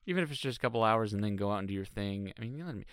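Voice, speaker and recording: A man co-hosting a casual podcast, his voice low and close on a dry mic. He gives blunt opinions and swears freely. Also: lively intonation, racing, smooth, no echo. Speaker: podcast co-host. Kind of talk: casual chat recapping a reality show.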